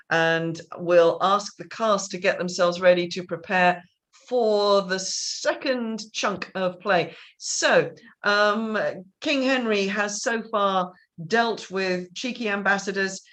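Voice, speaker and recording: A woman's voice: mid-range voice, slow, a bit bright. A woman directing a theatre company, chatting casually over a video call and often restarting her sentences. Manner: rambling, chatty, with many restarts and laughs. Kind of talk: casual chat.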